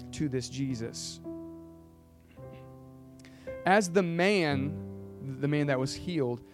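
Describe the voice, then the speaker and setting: A man's voice: a little high, no echo. A man preaching a sermon in an earnest way, building to emphatic points. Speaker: pastor. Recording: guitar music playing behind. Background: guitar music.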